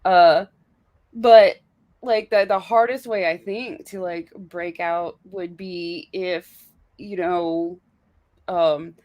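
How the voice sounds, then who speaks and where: A woman's voice: fairly low pitch, fairly even intonation, slow pace, highs cut off. A woman from the American South chatting casually on a podcast, talkative and full of fillers, laughing often. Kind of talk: casual chat.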